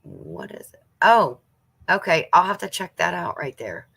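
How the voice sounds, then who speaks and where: A woman in her fifties hosts a relaxed live chat, reading comments aloud and replying in a chatty way. Her voice sits low yet sounds bright and forceful. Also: measured pace, gravelly, husky. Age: 50s. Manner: chatty, reads viewers' comments aloud and answers them. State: coughing now and then. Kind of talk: casual chat.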